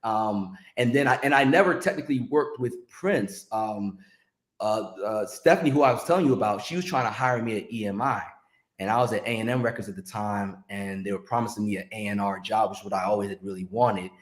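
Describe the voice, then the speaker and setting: A man telling a story in casual chat, animated and acting out other people's lines. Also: fairly low pitch, a little fast. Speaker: podcast guest, music industry veteran. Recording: roomy echo.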